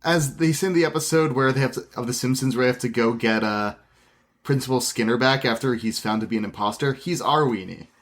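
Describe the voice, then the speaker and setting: A man's voice: medium pitch, fairly even intonation, fast talker. A man co-hosting a casual film review podcast, making dry joking asides. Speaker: podcast co-host.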